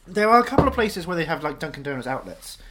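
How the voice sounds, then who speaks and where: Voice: medium pitch, big pitch swings, quick pace, noisy background. A podcast co-host in casual comedy chat, rambling and joking, often restarting mid-thought.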